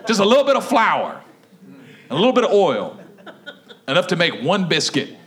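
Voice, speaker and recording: A man voicing a poor widow mother with an attitude, blunt and sharp-tongued. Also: high voice. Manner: sassy, blunt.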